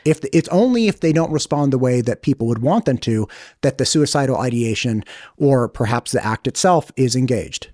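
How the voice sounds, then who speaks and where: Man in his thirties, podcast host, animated and conversational, mid-pitched, dry close sound. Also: a little fast, dry recording. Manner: animated, pushes back, conversational. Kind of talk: debate in a podcast interview.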